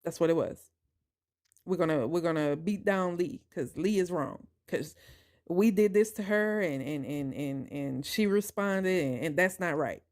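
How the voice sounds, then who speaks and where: A woman hosting a podcast, telling a personal story in an emphatic, animated way and talking straight to her listeners. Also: lowish voice, measured pace. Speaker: podcast host.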